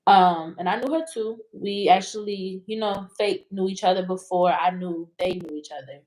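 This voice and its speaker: A woman's voice: mid-range voice, normal speed, darkish tone. A woman telling a personal story as an interview guest, in a candid, rambling way that swears freely.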